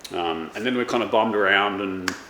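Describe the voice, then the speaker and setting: In an echoey room with faint noise behind him, a thirtysomething male chef and vlogger chats casually. His voice is fairly low and sharp at a moderate pace, and he rambles with plenty of ums and restarts.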